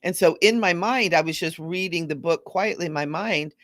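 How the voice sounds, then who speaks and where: Gentle rambling woman, dry close sound. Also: lowish voice, normal speed, no echo. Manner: rambling, gentle, repeats words for emphasis. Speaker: spiritual teacher hosting a live stream. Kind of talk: casual spiritual talk.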